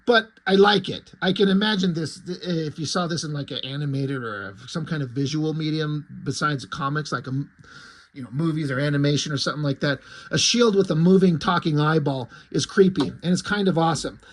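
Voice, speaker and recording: Relaxed high-voiced man reviewing a comic. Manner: relaxed, amused, many fillers. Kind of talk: casual review, reading aloud.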